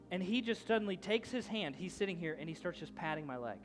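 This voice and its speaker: A man's voice: sits high, fast, hardly any pauses, over music. A man in his thirties preaching a sermon as a pastor, telling a story in a loose conversational way with many restarts. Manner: storytelling, rising to loud shouting at the climax.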